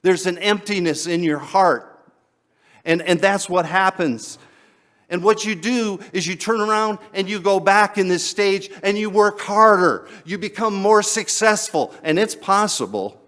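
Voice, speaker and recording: Male pastor, sermon, chatty delivery, chuckles, slightly high voice. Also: a bit bright. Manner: conversational, chuckles and repeats words.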